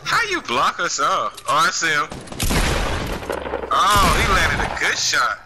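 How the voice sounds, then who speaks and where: A high-voiced man in a shooter's voice chat, his tone swinging up and down as he shouts loose callouts. Loud gunfire and clicks fill the background of the chat recording. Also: takes it slowly, heavy background noise. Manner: loose, excitable callouts to teammates. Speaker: player. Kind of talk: casual game voice chat. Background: game gunfire and clicks.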